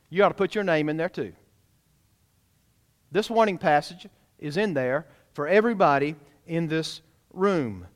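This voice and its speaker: A man's voice: fairly high pitch, moderate pace, pauses often, in a large hall. A man preaching a sermon as pastor, emphatic and direct, often asking the congregation questions. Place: church sanctuary.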